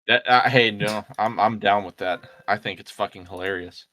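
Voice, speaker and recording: A man's voice: lowish voice, moderate pace, pushed and bright. A man co-hosting a crude comedy podcast, rambling and stuffing his talk with fillers. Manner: rambling, filler-heavy, lots of "like". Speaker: podcast co-host.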